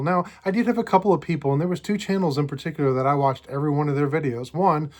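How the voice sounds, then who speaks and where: Chatty man with a higher voice. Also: darkish tone. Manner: chatty, halting, with many fillers and restarts. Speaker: card collecting YouTuber. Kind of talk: casual storytelling vlog.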